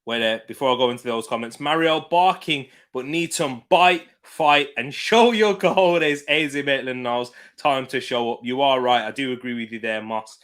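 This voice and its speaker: Speaking at a normal speed with hardly any pauses, a British man with a medium-pitched, fairly bright voice hosts a live football watch-along stream. He sits back from his desk mic, laughs a lot, chats casually and reads out viewer comments.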